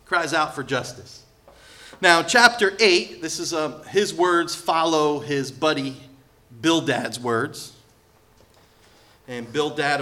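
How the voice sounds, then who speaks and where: A male pastor delivering a sermon, lively and sarcastic, acting out the people he quotes. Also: mid-range voice. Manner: animated, sarcastic asides, acts out quoted voices.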